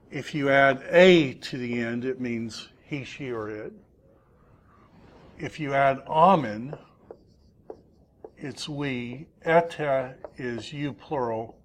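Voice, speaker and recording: A man teaching a Greek class, asking students questions and patiently explaining grammar. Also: mid-range voice. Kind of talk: classroom lesson.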